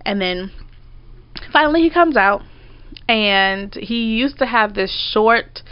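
Animated swearing woman telling a story. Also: medium pitch, takes it slowly, clear, resonant tone, no echo. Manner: animated, swearing, acts out her own outbursts. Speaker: storyteller co-host. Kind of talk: casual storytelling chat. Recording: dry, slightly dull audio.

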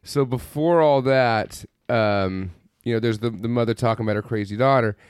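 A man's voice: medium pitch, normal speed, clean tone, dry recording, studio quality. A man co-hosting a podcast, recapping a film in a rambling, exasperated, profane way. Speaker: podcast co-host. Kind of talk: casual film review chat.

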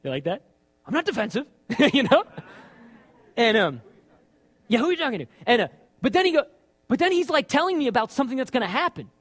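A man's voice: very high-pitched, brisk, long pauses. A man preaching a sermon in a conversational way, asking rhetorical questions and acting out lines of dialogue. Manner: animated, acts out his own and God's lines.

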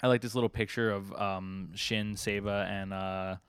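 A man with a fairly low voice co-hosts a casual podcast, recapping comic chapters in a loose, rambling way full of ums and likes. The sound is dry and close, with no room around it. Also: steady tone, moderate pace, fairly bright tone, clean tone, no room sound. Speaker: podcast co-host.

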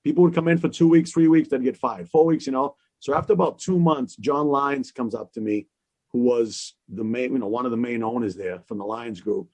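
A man's voice: medium pitch, a little fast, no room sound. A man, a DJ, telling stories in a casual chat, acting out the people he quotes. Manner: animated storyteller, acts out quoted exchanges. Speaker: DJ guest.

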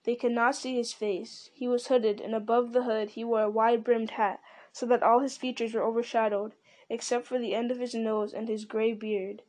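A woman reading a fantasy novel aloud with even, deliberate storytelling. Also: a little high. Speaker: reader.

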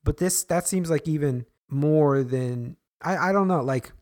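Playful man with a higher voice. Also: a little mellow. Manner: playful, quick to laugh, rambling questions. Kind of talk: casual chat.

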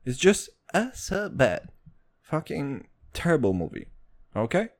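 Unhurried yet very animated, a young man hosts a laid-back podcast chat. He rambles and swears heavily, and his jokes and topic jumps come with wild swings in pitch.

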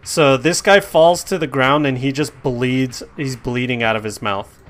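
A man's voice: medium pitch, measured pace. A man narrating as game master in a casual, chatty way.

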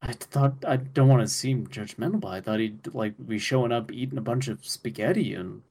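A man's voice: mid-range voice, normal speed, darkish tone. Rambling, goofy man in a chat. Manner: rambling, goofy, fond of filler likes. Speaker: podcast co-host. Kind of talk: casual comedic chat.

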